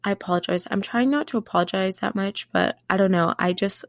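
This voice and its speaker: A woman's voice: medium pitch, a little fast, creaky, dry recording. A young woman hosting a casual solo podcast, bubbly and chatty, her voice a little nasal from allergies. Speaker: podcast host.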